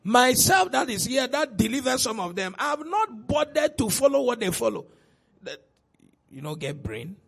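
High gravelly Ghanaian preacher, man. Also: big pitch swings, moderate pace. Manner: swings between soft asides and shouted exclamations, laughs often. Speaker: pastor. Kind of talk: preaching a sermon.

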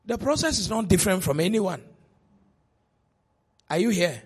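A middle-aged man with a Ghanaian accent preaching a sermon as pastor, swinging between soft asides and shouted exclamations, laughing often. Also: high voice, very animated, moderate pace, slightly rough.

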